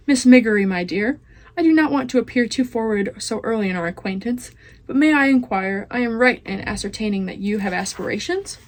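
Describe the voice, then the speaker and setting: A woman's voice: fairly high pitch, animated, brisk, close to an everyday voice. Teen girl voicing a silky scheming rat villain. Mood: smooth, scheming. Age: teens. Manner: silky, overly polite and formal. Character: smooth-talking scheming male rat villain.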